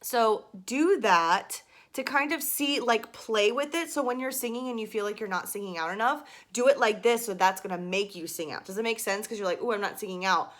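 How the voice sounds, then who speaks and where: A woman's voice: mid-range voice, fairly quick, hardly any pauses, a bit bright. A young woman giving a casual singing lesson to camera, chatty and full of fillers and asides. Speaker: singing teacher.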